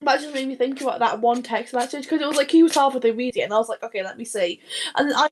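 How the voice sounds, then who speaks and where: A woman co-hosting a casual podcast, her voice pitched a bit higher than most. She rambles through anecdotes full of false starts and laughter, and she swears freely. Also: racing, a little mellow, slight background noise. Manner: rambling, laughing anecdote-telling with many restarts. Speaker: podcast co-host. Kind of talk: casual chat.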